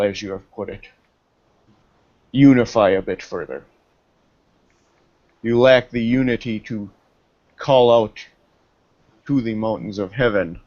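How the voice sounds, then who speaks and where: A man playing a formal, honor-bound male mystic elder who speaks in archaic phrasing with a slight foreign lilt. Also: lowish voice. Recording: dull lo-fi recording.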